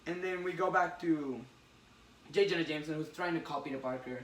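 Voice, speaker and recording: A man casually recapping a comic story with a friend. He talks in halting bursts and acts out the characters' lines. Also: fairly high pitch. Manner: excited, halting retelling with acted quotes. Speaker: podcast co-host recapping a comic. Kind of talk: casual chat. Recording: roomy, distant mic with faint hiss.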